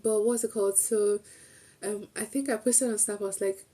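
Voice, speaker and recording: A young woman talks her viewers through her day in a relaxed, chatty way, circling back and restarting sentences as she goes. Her voice is slightly husky with a warm, mellow tone. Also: medium pitch, normal speed. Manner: chatty and rambling, with restarts and quoted asides. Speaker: streamer. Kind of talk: casual storytelling recap.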